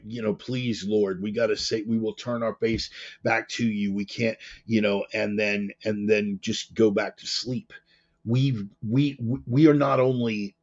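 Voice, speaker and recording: A man hosting a talk show, speaking in an animated, emphatic way with frequent restarts and repetitions. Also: fairly low pitch. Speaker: show host. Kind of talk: casual political commentary. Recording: dull lo-fi sound.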